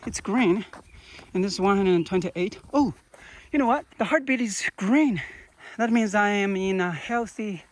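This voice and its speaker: A man giving running commentary outdoors in a quiet park while jogging, speaking in short clipped phrases with simple grammar. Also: high voice. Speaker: vlogger testing a running watch.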